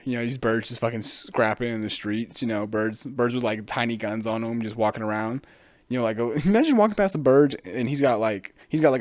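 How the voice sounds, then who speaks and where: A man's voice: fairly low pitch, darkish tone, no echo. Rambling, profane man hosting a podcast. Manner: rambling, profane, laughing often. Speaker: podcast host. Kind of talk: casual solo podcast monologue.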